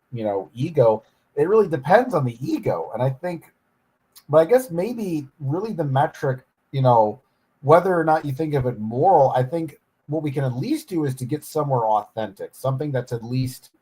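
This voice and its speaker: A man's voice: medium pitch, a little mellow, poor audio. A man in a casual round table discussion, reflective and full of "you know" fillers.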